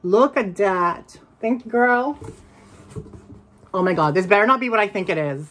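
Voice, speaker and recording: A woman chatting casually as she unboxes and reviews secondhand bags, excitable and quick to gasp and laugh. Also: medium pitch, slight background noise. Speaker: reseller vlogger.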